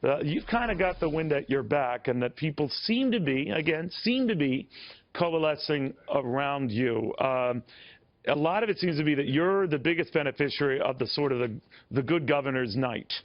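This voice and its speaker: A man's voice: on the high side, lively intonation, normal speed. A man anchoring a TV news interview, wry and teasing, with chatty restarts. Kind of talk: broadcast interview. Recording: dull lo-fi broadcast audio.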